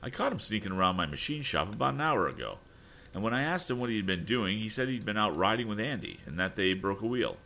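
A man voicing a cheerful, quick-witted young male inventor with an eager way of talking. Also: fairly low pitch, sing-song, vocal fry, sharp tone, slight background noise, voice pushed up, full character voice.

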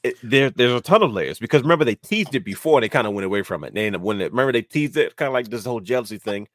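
A man hosting a casual wrestling podcast, talking in animated, rambling runs and laughing often. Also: medium pitch, rapid-fire, no echo, studio quality. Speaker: podcast host.

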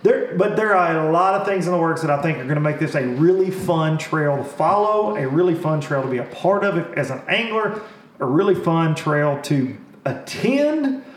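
A man hosting a laid-back fishing talk show. His voice sits a little high, and he talks with animated, joking energy. The sound bounces around an echoey room. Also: normal speed. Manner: animated, laughing, folksy swearing. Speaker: podcast host. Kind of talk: casual chat.

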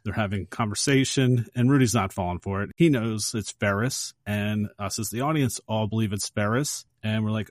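A man co-hosting a casual movie podcast, retelling a film scene step by step in a lively, storytelling way. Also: fairly low pitch, moderate pace, few pauses, no room sound, clean studio sound. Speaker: podcast co-host.

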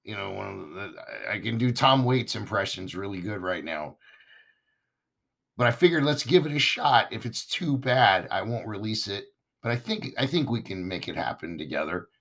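A man hosting a podcast in a casual, chatty monologue, his voice hoarse and raspy as he recovers from losing it. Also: fairly low pitch, animated, moderate pace, a bit bright. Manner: chatty, enthusiastic, talks straight to listeners. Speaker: podcast host.

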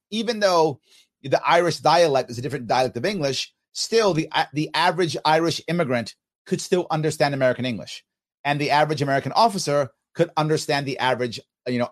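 Man, 50s, podcast host reading comments aloud: lively swooping delivery, pitched a touch high. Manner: animated, emphatic, quotes others in exaggerated voices. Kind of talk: casual talk reading listener comments.

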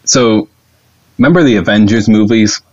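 Rambling, excitable male podcast guest with a low voice; recorded on dull, lo-fi audio. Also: normal speed. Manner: excitable, rambling, laughs often. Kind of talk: casual podcast chat.

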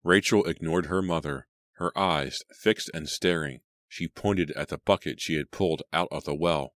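Very deep-voiced male audiobook narrator. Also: normal speed, a bit bright, no room sound.

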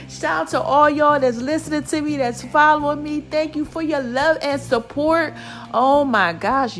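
A middle-aged woman hosting a casual podcast, animated and preachy, calling her listeners "babies" and "y'all". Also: high-pitched. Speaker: podcast host. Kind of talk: casual encouraging podcast talk.

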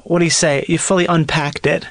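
A man hosting a casual podcast chat, asking quick excited questions and restarting his sentences. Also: a little high, no echo.

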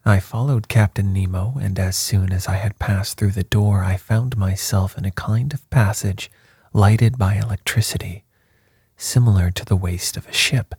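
Male audiobook narrator, formal and measured, low and husky, dry booth sound. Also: steady tone, a little mellow, dry recording. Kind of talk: scripted first-person narration.

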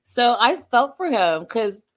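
A young adult woman hosting a casual livestream recap, chatting with viewers and acting out quotes in an animated way. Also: a little high, takes it slowly. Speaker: show recap host.

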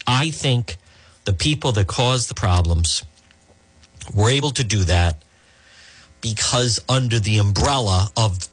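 A man's voice: mid-range voice, no echo. A man hosting a radio talk show, giving emphatic, conversational opinions with frequent fillers and restarts.

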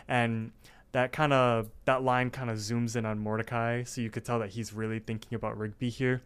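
A man's voice: medium pitch, little pitch movement, moderate pace, a bit bright, smooth. A man co-hosting a podcast, casually recapping a cartoon episode with lots of fillers and restarts. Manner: rambling, many fillers and restarts. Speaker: podcast co-host.

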